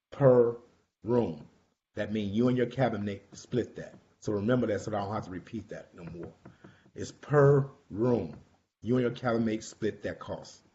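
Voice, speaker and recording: A man's voice: medium pitch, darkish tone. A man organizing a group cruise, talking casually and directly to his online group, calling people by name and repeating his points. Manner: chatty, repeats himself, calls out people by name. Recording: slightly dull lo-fi recording.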